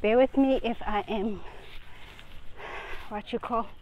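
A woman's voice: fairly high pitch, slow pace, lo-fi sound. Breathless woman vlogging on a walk. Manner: chatty and rambling, out of breath from walking. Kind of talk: casual live vlog while walking. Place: outdoors on a street. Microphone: phone held while walking.

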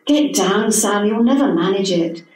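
A woman's voice: medium pitch, animated, measured pace, darkish tone, natural voice. A harried, impatient middle-aged mother, read by an older English woman snaps short, clipped lines. The voice comes from far off the mic in an echoey hall.

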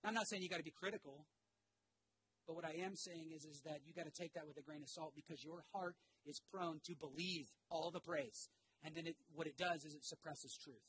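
A man's voice: on the high side, a little fast, a little hiss or hum, poor audio. A man preaching a sermon to his congregation, telling a story with energy and getting the crowd to repeat phrases back to him. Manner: animated storytelling with shouted asides. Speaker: pastor. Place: church sanctuary.

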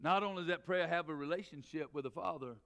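Middle-aged male pastor, high and smooth voice, preaching with shouted peaks and quick asides. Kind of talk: sermon. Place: church sanctuary.

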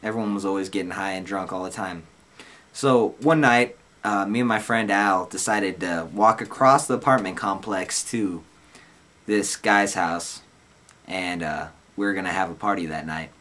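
A young man in his twenties with a fairly low voice tells a personal story in a loose, unhurried way. His speech is slangy and full of "like" and "dude", and he wanders through the details. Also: fairly bright tone. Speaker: vlogger telling a personal story. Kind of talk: casual storytelling.

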